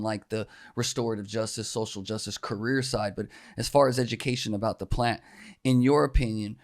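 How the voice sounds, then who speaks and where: A male podcast host with a lowish voice talks in an easygoing, casual way, padding his questions with fillers. The sound is dry and close, with no echo. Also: a little mellow. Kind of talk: podcast interview.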